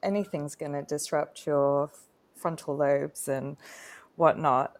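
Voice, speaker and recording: Speaking slowly in a low, fairly even voice, a woman who facilitates retreats co-hosts a casual live-stream chat. She shares a personal story in an earnest, heartfelt way.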